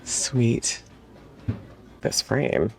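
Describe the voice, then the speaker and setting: Her bass voice stretches words out with vocal fry, and faint music plays in the background. She's a woman reselling vintage home decor, recording a casual thrifting vlog on a handheld phone in a thrift store, excitable and gushing, with frequent drops into a whisper.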